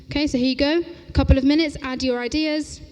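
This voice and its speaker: A woman's voice: high-pitched, steady tone, darkish tone. Upbeat woman leading a conference workshop. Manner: brisk and upbeat, often checking in with "okay?". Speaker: teacher trainer presenting a workshop. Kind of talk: interactive conference workshop talk. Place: large lecture hall at a conference. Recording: echoey lecture hall.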